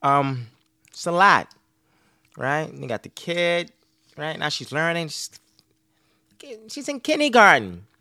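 A man's voice: a little high, sing-song, takes it slowly, long pauses, pushed and bright, no echo, clean studio sound. A man in his thirties hosting a podcast, rambling casually and profanely about family life, laughing often. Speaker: podcast host.

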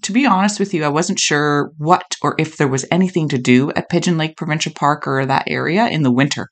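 A woman's voice: low-pitched, brisk. A woman co-hosting a podcast in casual chat, playful and enthusiastic, teasing her co-host.

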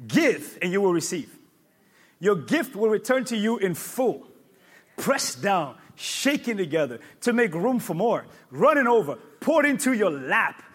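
A male pastor preaching a sermon, emphatic and repetitive, with sudden loud peaks. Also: high-pitched, breathy edge.

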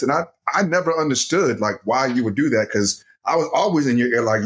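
Lively middle-aged man, casual chat. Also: mid-range voice, fairly quick. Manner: animated, laughs readily. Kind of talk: casual conversation.

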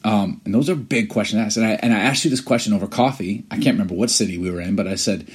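A man's voice: on the low side, very fast, hardly any pauses, breathy edge. A man in his forties co-hosting a podcast, telling stories in an earnest, reflective way. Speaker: podcast co-host. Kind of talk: casual chat.

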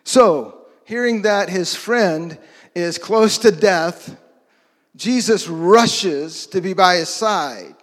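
A man with a high-pitched voice preaches slowly, with a big-room sound. His sermon is conversational, and he frequently asks his listeners questions.

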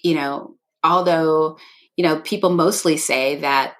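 A woman's voice: low-pitched, fairly even intonation, measured pace. A woman co-hosting a podcast, chatting casually and thinking aloud in long, rambling sentences. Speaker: podcast co-host. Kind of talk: casual chat.

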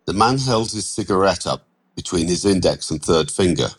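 A man narrating a short story in a calm, measured reading. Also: sits low, breathy edge, rough recording.

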